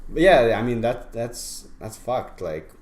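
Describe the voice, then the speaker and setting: A man's voice: mid-range voice, very animated, measured pace, a little mellow. A young man co-hosting a casual podcast who talks in a rambling, profane way, full of fillers. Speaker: podcast co-host. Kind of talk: casual chat. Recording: roomy echo, faint background noise.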